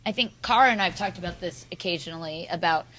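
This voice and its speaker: Bright-voiced woman moderator, encouraging, eager for audience questions. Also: on the low side, quick pace, low-quality recording. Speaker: moderator and instructor. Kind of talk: moderating a panel.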